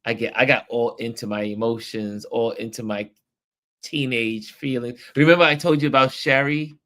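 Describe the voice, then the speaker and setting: Medium in pitch and moderate in pace, a man chats through a late-night livestream he's hosting, rambling in a relaxed way and putting on animated voices whenever he quotes someone.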